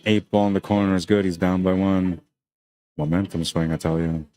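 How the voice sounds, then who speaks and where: A man doing relaxed, chatty play-by-play commentary on a live pool stream, often tagging his lines with "man.". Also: low-pitched, moderate pace, slight background noise. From Canada.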